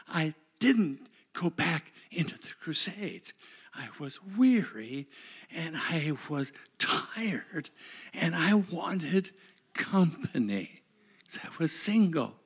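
A middle-aged man preaching a sermon, dramatic and emotional, swinging from shouts down to whispers. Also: fairly high pitch, breathy edge.

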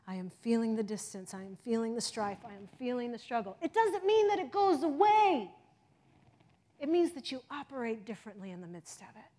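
A middle-aged woman preaching a sermon with passion, moving from loud exhortation to hushed intensity. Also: fairly high pitch, expressive, normal speed. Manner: impassioned, swings from loud exhortation to soft intensity.

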